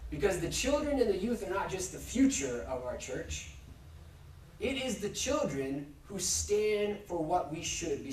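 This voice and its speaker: A male pastor preaching a sermon in measured, steady cadences, building his points through repeated refrains. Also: fairly high pitch, slight background noise. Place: church sanctuary. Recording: echoey church from far off.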